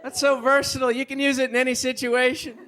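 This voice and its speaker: A young man works a comedy club stage, acting out voices as he tells his stories. His voice sits high for a man. The live recording is noisy. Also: fast talker, some chatter behind. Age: young adult. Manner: animated storytelling, acting out voices. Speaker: stand-up comedian. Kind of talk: live stand-up routine.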